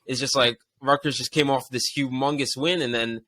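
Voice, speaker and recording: A man, a sports reporter guesting on a podcast, telling a story excitedly with many fillers. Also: mid-range voice, moderate pace, no echo. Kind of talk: casual sports podcast chat.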